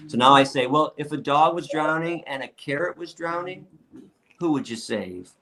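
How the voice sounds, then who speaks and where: A middle-aged man with a somewhat high voice tells stories with heat and no filter. He cusses freely and jumps into other people's voices as he acts out scenes. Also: expressive, moderate pace, a crowd in the background. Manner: blunt, profane, fired-up, acts out quotes. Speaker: guest lecturer and activist. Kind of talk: animated interview storytelling.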